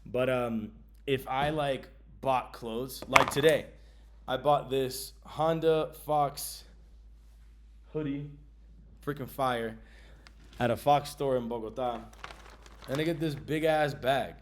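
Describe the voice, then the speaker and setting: A man vlogging about his travel gear in a casual, slangy way, with many ums and bursts of excitement. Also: medium pitch, slow, pauses often, a little hiss or hum.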